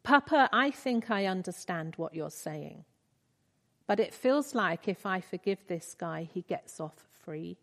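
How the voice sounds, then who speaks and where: A woman's voice: fairly low pitch, animated, a little slow, vocal fry, exaggerated voice. A woman reading the lines of a grieving father, pleading and questioning. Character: grieving father struggling to forgive. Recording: reverberant hall.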